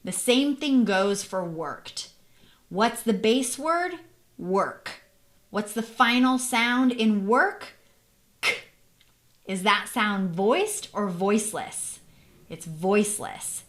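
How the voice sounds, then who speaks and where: A woman teaching an English pronunciation lesson at a slow, deliberate pace. She models each word ending carefully and repeats it. She often turns to the learner with questions. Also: medium pitch, animated, fairly bright tone.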